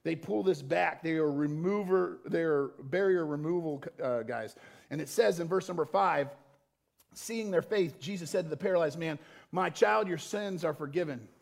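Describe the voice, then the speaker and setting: A man preaching into a stage mic in a church. His voice sits a bit high for a man and carries a gritty, crackling fry. He moves between soft, earnest talk and loud, impassioned peaks. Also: moderate pace. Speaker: pastor. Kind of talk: sermon. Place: church auditorium.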